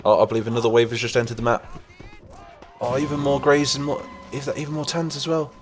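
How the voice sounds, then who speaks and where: A young man narrates a strategy game battle in a loose, chatty way, getting excited at every skirmish. He talks into a desktop mic over loud game music and crackling gunfire. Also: mid-range voice, fast talker. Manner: excitable, reacting aloud to the battle. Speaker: gaming channel host. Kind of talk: casual gameplay commentary.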